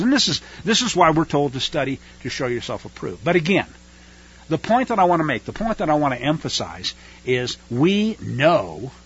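A man's voice: fairly high pitch, fairly bright tone, slightly rough. A man preaching a radio sermon in a fiery, emphatic and scornful way. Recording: dull lo-fi radio recording.

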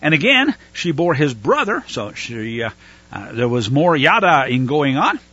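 A man teaching through the Bible verse by verse, pausing with fillers to explain Hebrew words. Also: on the high side, sing-song, sharp tone, husky, no room sound, lo-fi sound.

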